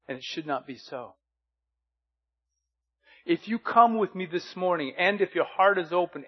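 Earnest pastor preaching, higher voice. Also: male voice, highs cut off. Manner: earnest, with repeated rhetorical questions. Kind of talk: sermon.

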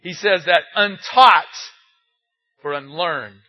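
Older male pastor with a high-pitched, breathy voice; chatty sermon full of rhetorical questions; muffled lo-fi recording. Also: slow. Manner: asks rhetorical questions, tells anecdotes. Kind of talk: conversational sermon. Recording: dull lo-fi recording.

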